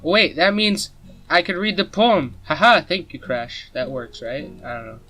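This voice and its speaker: A man's voice: a little high, expressive, unhurried, sharp tone, soft background music. A man playing through a visual novel, reading its text aloud and commenting, swearing freely and stumbling over words. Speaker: let's play gamer.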